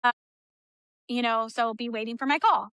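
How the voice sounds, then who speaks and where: Woman from Texas, high voice, bright tone, dry close sound, emotional storytelling, acts out dialogue. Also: moderate pace, clear, resonant tone, no room sound. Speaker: interview guest. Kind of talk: emotional personal account.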